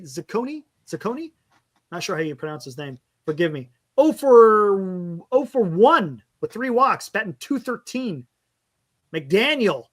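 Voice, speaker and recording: High, lively-voiced man hosting a fan show. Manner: frank, rambling, stumbles over player names. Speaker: fan podcast host. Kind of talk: casual postgame fan talk.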